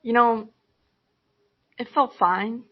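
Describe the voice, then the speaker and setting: A woman's voice: on the high side, slow pace. A young woman, a podcast guest in casual chat, telling playful stories. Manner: chatty, playful storytelling. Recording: dull lo-fi sound.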